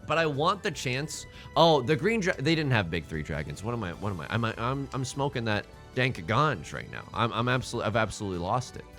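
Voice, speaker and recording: A young man giving casual, rambling commentary as he plays a tile game, excitable and self-deprecating, often repeating his words. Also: mid-range voice, brisk, few pauses, soft background music. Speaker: let's play host.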